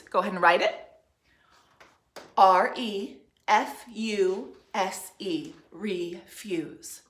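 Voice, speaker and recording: Teacher woman dictating spelling slowly. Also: medium pitch, fairly bright tone. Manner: slow, clear dictation, spelling out letters and syllables. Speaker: third grade teacher. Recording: echoey room.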